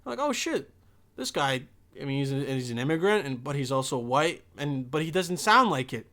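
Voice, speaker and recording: A man's voice: medium pitch, animated, fairly quick, a bit bright. A young man hosting a podcast, talking in a loose, rambling and profane monologue. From Bosnia. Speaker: podcast host.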